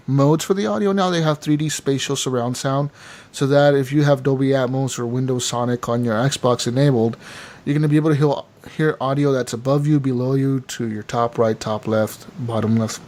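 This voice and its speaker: A man co-hosting a gaming podcast, chatting casually and excitedly, swearing freely and calling people "dude" and "man.". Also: mid-range voice. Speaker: podcast co-host.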